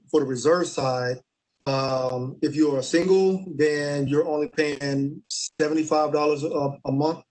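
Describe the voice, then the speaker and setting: A young man, an Army staff sergeant, answering interview questions in a relaxed way with many fillers and restarts. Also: on the high side, low-quality recording.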